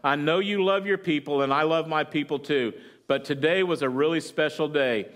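A man preaching, retelling a dramatic story with quoted lines and halting fillers. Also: a little high, fairly bright tone. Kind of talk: sermon storytelling.

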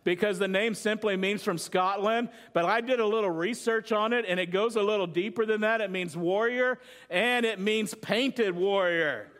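Speaking at a normal speed with few pauses, this pastor has a high-pitched, fairly bright voice. He delivers his sermon casually, joking with the congregation and asking them questions.

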